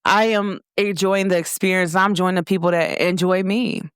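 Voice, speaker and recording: A woman hosting her own show, talking in an expressive, animated motivational monologue. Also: lowish voice, normal speed, smooth, dry recording, studio quality. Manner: expressive, animated storytelling with laughs and quoted voices. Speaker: show host.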